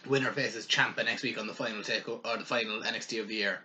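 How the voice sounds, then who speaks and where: Young Irish man, casual co-host, rambling chat with a bright edge. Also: fairly low pitch, fairly even intonation, quick pace. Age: young adult. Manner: rambling, laughing, swearing. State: eating while talking. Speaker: podcast co-host.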